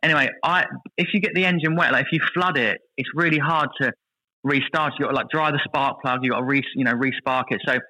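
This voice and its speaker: A man in his thirties telling lively stories as a podcast guest, acting out what others said. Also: mid-range voice, fast talker, low-quality recording. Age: 30s. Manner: lively anecdotal storytelling, voices others in quotes. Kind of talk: casual podcast chat.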